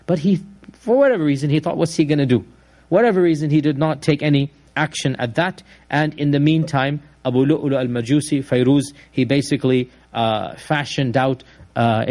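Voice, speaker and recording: A man gives an Islamic history lecture in an easy, conversational storytelling way. He often restarts his sentences and adds asides as he goes. His voice sits at an ordinary middle pitch. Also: a little mellow.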